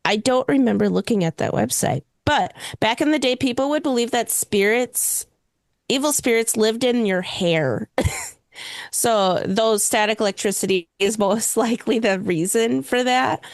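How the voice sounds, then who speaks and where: A woman's voice: fairly high pitch, normal speed, creaky, no room sound. A young woman co-hosting a paranormal podcast, casually chatting and laughing easily. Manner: laughs often, loose with fillers. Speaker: podcast co-host. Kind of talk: casual chat about superstitions.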